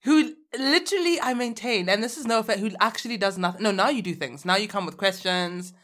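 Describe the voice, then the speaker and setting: A woman's voice: mid-range voice, fast talker, a bit bright. A young adult woman hosting a casual podcast chat, blunt and teasing, laughing often. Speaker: podcast host.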